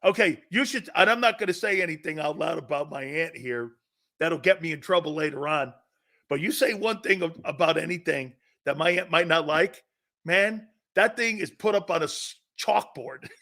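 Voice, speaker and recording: Bright, high-voiced animated male host. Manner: animated storytelling, quick mob-movie impressions, laughs often. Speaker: sports talk show host. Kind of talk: casual chat.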